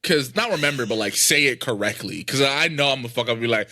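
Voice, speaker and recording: Young dude ranting on a podcast, bright voice bouncing all over, cusses a lot. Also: male voice, mid-range voice, fast talker, few pauses, no echo, studio quality. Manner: profane, animated storytelling. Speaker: podcast host. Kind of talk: casual podcast chat.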